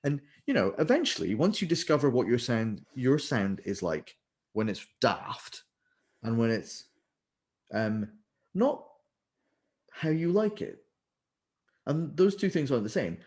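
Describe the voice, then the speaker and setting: A man, a vocal leader, talking in an animated, explanatory way and now and then demonstrating with sung syllables. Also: medium pitch, moderate pace. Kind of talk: conversational interview.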